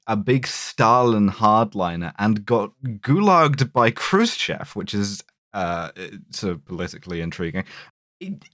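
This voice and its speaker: A man co-hosting a casual film discussion podcast, animated and rambling, often restarting his sentences and laughing. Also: on the low side, no echo, clean studio sound. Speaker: podcast co-host.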